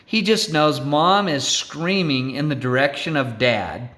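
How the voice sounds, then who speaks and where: Theatrical slow-paced male storyteller. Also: on the high side, pushed and bright. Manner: theatrical, keeps checking in with "right?" and "okay?". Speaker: storyteller speaker. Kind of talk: animated storytelling to an audience.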